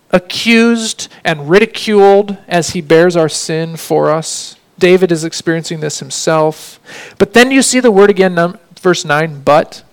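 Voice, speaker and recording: A man preaching a sermon, earnest, slowing down to read scripture lines with emphasis. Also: high-pitched, rough recording. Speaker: pastor.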